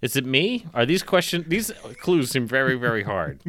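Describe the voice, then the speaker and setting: A man's voice: mid-range voice, big pitch swings, moderate pace, a bit bright, no echo. A man co-hosting a comedy podcast in casual chat, rambling and poking fun at himself. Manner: rambling and self-mocking. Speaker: podcast co-host.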